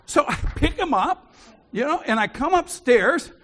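A man's voice: extremely high pitch, very animated, a little slow, sharp tone. A man preaching a sermon, telling a personal story with frequent chuckles. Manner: chuckles often while telling stories.

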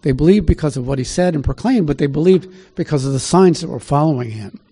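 Quick, warm and husky, this man's higher-pitched voice is expressive as he preaches. The pastor delivers a conversational Bible teaching, reading passages aloud and asking his audience questions throughout.

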